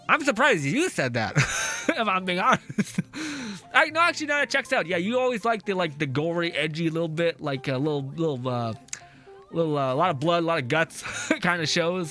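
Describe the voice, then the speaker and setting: A man's voice: high-pitched, bright, forceful tone. A male streamer chatting casually while he plays, reading chat aloud, swearing often and laughing easily. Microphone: face mask on while talking. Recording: faint music behind the voice.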